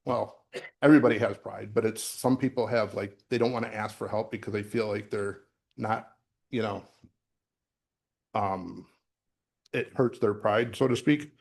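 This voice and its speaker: A man's voice: on the low side, steady tone, a little slow, creaky, long pauses. Conversational middle-aged male minister preaching. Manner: conversational, with fillers and restarts. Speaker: associate minister. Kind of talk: sermon with personal story. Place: church sanctuary.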